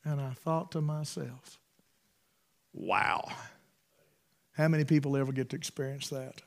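A man, preaching a sermon through folksy stories, emphatic and swinging between loud bursts and hushed asides. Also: medium pitch, steady tone, a little slow, gravelly. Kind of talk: storytelling sermon.

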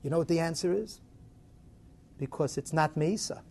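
A man giving a Torah lecture, dramatic and animated, swinging between loud rises and soft drops. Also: a little high, normal speed, creaky. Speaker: Torah teacher.

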